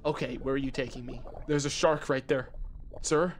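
A male streamer giving live gameplay commentary, excitable and swearing as he yells at the game. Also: medium pitch, moderate pace, faint music behind.

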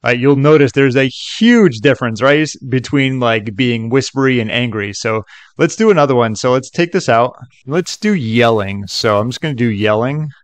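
A man at a middling pitch, talking casually through a tutorial and filling his sentences with "like" and "okay". His voice sits close and dry on a desk mic, with no room sound. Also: lively intonation, normal speed, no room sound. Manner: loose and chatty, many fillers like "like" and "okay". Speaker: tutorial host. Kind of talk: casual screen-recorded tutorial.

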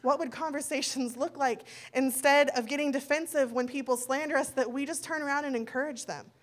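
Woman preaching in a fairly high voice. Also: fairly even intonation, brisk. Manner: conversational, acts out quoted dialogue. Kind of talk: sermon.

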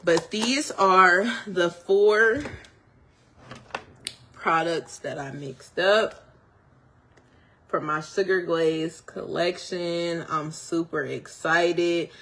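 Talking very slowly and pausing often, a woman with a lowish, fairly bright voice reveals her products in a casual vlog. She's a hairstylist and small business owner who gushes to viewers, slightly tongue-tied because of her retainers.

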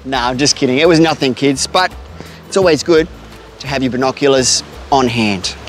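A man's voice: medium pitch, moderate pace, soft background music. An Australian man hosting a kids' outdoor adventure vlog outdoors by a creek, upbeat and talking straight to the children and his pet bird. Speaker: host of a kids' outdoor show.

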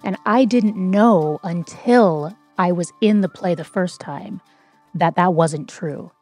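A woman from the United States, a stage actor, giving an earnest, deliberate interview answer. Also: on the low side, a little mellow, no room sound.

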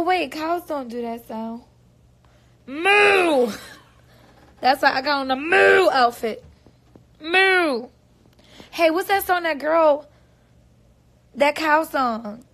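A young woman talks on a casual livestream in a high, light voice. She rambles playfully and drops goofy little noises between thoughts. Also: animated, measured pace, fairly bright tone. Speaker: singer livestreaming on tour.

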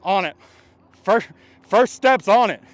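A man's voice: sits high, expressive, slow pace. A young man on an outdoor ball field giving self-mocking, joking vlog commentary with plenty of swearing. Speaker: baseball player and vlogger.

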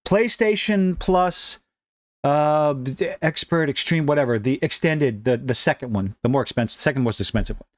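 A man's voice: a little high, moderate pace, no room sound, studio quality. A middle-aged man hosting a ranting, sarcastic gaming commentary vlog, mocking as he talks. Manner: sarcastic, mocking, animated delivery.

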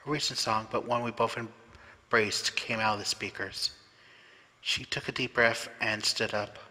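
A man reads a first-person story in a calm, reflective way. His voice is very bright and sharp, with a tense edge. A long reverb rings out behind him. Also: fairly low pitch, measured pace.

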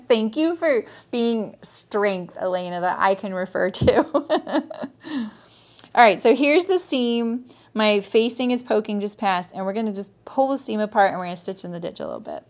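A woman with a medium-pitched, expressive voice runs a live sewing tutorial at a moderate pace. She's a sewing teacher and livestream host who chats viewers through every step, greeting them by name and checking in with "right?"

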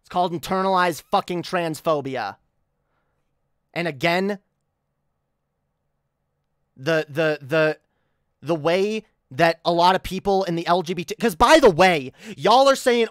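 A fairly low-pitched woman talks in an animated but unhurried way, leaving long pauses, in clean studio audio with no room sound. Livestreaming an angry tirade, she's irritated and profane, often tripping over her words and restarting sentences.

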